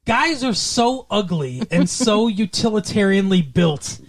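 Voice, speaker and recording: A woman's voice: mid-range voice, lively intonation, a little slow. A woman co-hosting a casual movie podcast, joking and teasing, with a Midwestern American accent. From Michigan. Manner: jokey, teasing, puts on silly accents. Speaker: podcast co-host. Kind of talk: casual movie-review chat.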